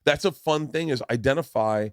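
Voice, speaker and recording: A man in his forties hosts a podcast in easy, casual conversation, telling rambling stories full of acted-out voices and swearing. His voice sits at an ordinary middle pitch. The studio sound is dry and close. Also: moderate pace, clean tone, dry recording. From Tampa, Florida. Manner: animated storyteller, acts out voices and swears freely. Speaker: podcast host.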